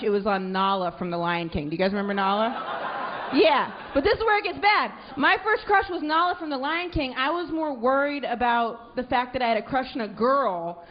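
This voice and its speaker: A woman's voice: high-pitched, slight background noise. A woman doing a confessional, self-mocking stand-up comedy set. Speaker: stand-up comic. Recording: muffled club recording with crowd.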